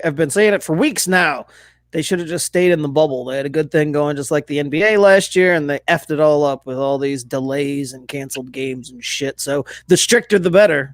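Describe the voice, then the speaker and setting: A man's voice: fairly high pitch, no room sound. A man co-hosting a casual podcast, blunt and opinionated, swearing freely. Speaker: podcast co-host. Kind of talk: casual chat.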